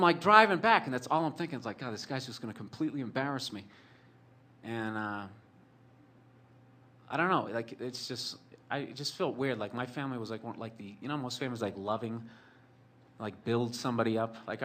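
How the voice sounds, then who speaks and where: A man's voice: lowish voice, fairly bright tone, slight background noise. A man telling a long personal story in a rambling, profane, sardonic way, full of fillers like "like" and "you know". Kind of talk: storytelling monologue.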